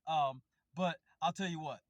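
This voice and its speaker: A man hosts a casual news break in a loose, sardonic way, slipping in fillers. His voice sits a little high, and the sound is dry and close. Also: normal speed, no room sound. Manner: breezy, sardonic, filler-heavy. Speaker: news show host.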